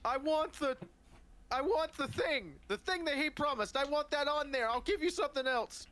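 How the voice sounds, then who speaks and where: A tabletop player voicing a petulant male adventurer who loudly insists on getting what he wants. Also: high-pitched, expressive, normal speed, slight background noise, pitched above the performer's own voice. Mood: demanding. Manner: shouting demands, whiny.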